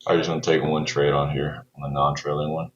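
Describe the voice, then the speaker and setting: A man's voice: very deep voice, flat delivery, brisk, dull audio. A man talking casually while day trading, laid-back and slangy, often saying "bro" and swearing. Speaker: day trader streaming his trades.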